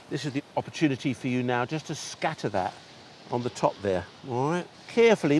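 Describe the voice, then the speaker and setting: A man's voice: on the high side, a little hiss or hum. Chatty enthusiastic TV cooking host, man. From England. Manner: chatty, enthusiastic, addresses viewers directly. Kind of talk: cooking demonstration. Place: outdoors on a beach.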